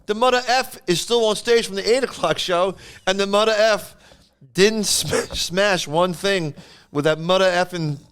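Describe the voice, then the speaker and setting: A man's voice: high voice, expressive, fairly quick, a bit bright, clean tone, voice pushed up. A man voicing an angry male comedy club owner who curses nonstop and rants in exasperation. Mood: ranting. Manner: exasperated, ranting.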